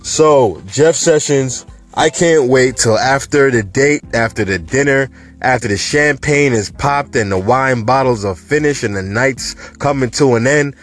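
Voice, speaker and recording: A man hosts a casual cannabis news show, talking in an animated, chatty, emphatic way at a medium pitch.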